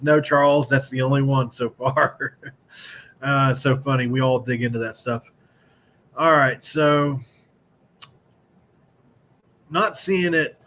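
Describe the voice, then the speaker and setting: A man's voice: medium pitch, a bit bright, slight background noise. A man hosting a casual live-streamed sports talk show, speaking in a loose, rambling way and greeting chat viewers by name.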